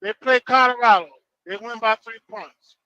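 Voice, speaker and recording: Male caller, very high bright voice, dry, keeps repeating himself. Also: moderate pace, no echo, lo-fi sound. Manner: repetitive, insistent questioning. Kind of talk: phone-in question.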